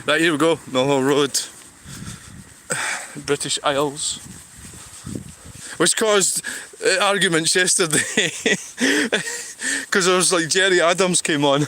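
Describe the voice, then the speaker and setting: Strolling by a road on a livestream, a Scottish vlogger talks unhurriedly with long pauses, the mid-range voice bright and forceful. There's rambling, sighing, and restarting of thoughts, plus slight background noise.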